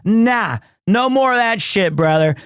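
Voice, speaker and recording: A man in his forties, a streamer casually telling a story to his chat, animated, and acting out the people he quotes in funny voices. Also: high-pitched, unhurried, clean tone, dry recording, clean studio sound. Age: 40s.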